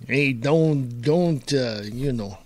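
A man hosting his own talk radio show, chatting in a rambling, casual way and clearing his throat often. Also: medium pitch, takes it slowly, a little mellow, no room sound.

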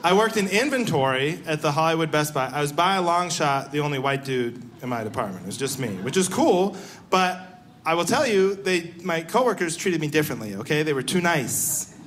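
With slight noise behind him, a young man works through a stand-up routine on a live stage at a fairly quick clip. His fairly high voice shifts as he acts out the people in his animated stories.

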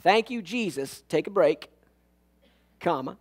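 A man's voice: extremely high pitch, lively intonation, moderate pace. A man preaching a sermon as pastor, telling funny stories and acting out the lines of people in them. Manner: storytelling with jokes and acted-out quotes. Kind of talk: humorous sermon. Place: church sanctuary.

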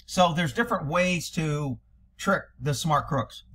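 A blunt, sarcastic man reacts to police footage from a cop's point of view, his voice a little high for a man, bright and forceful with a breathy edge. He speaks at a measured pace and swears freely as he rips into what he hears.

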